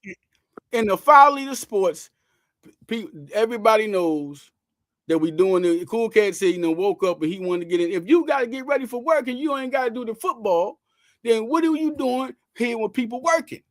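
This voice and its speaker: A man's voice: very high-pitched, moderate pace, a bit bright, no room sound, studio quality. A man hosting a casual sports talk show, emphatic and slangy, repeating lines for effect.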